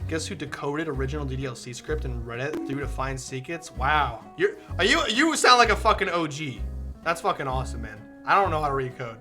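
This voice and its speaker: A streamer chatting with viewers and reading a visual novel aloud, excitable and swearing freely. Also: mid-range voice, normal speed, music in the background.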